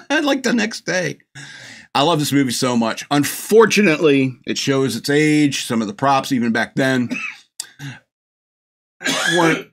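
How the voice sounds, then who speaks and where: Here a middle-aged podcast host, his voice medium-pitched and fairly bright, gushes about a film. The talk is a casual ramble, dotted with chuckles and lots of restarts.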